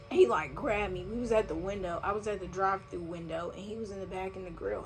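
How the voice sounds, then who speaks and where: A young woman telling a personal story in a casual storytime vlog, animated and slangy, swearing freely, recorded at home on a phone or camera mic. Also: mid-range voice. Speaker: vlogger. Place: home room, vacuum running nearby.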